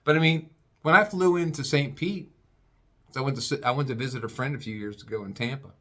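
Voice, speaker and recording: A man's voice: medium pitch, quick pace, a bit bright. A man ranting in a rambling, crude comic way, stammering and restarting often.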